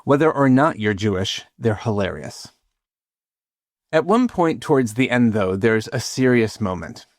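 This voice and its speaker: A man hosting a podcast, reading scripted reflections in a measured, lightly humorous way. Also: medium pitch, animated, dry recording, clean studio sound. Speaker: podcast host, rabbi.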